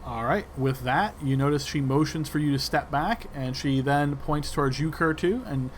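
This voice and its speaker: A man running a tabletop game as game master, narrating in a relaxed way with fillers. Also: a little high, normal speed, a little hiss or hum. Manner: relaxed, describing actions with fillers.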